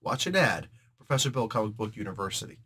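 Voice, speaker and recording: A middle-aged man hosting a casual comic book review, talking in an animated, jokey, rambling way with frequent restarts. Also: fairly low pitch, quick pace, husky.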